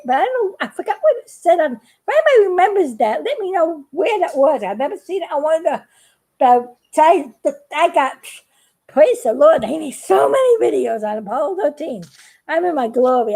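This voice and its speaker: An older woman with a high, gravelly voice that swoops widely up and down. She chats in a folksy, rambling way and breaks into giggles often, like a casual crafting vlog. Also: a little mellow. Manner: giggly, laughs often between lines. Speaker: craft video maker.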